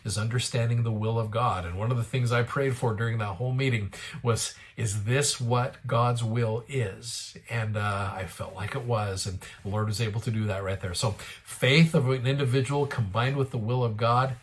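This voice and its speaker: A man's voice: mid-range voice, brisk. Earnest guy hosting a scripture show, tells his story and bumps his voice up for quotes. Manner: earnest, retells dialogue with a lifted voice. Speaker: host of a daily scripture show. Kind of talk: devotional storytelling.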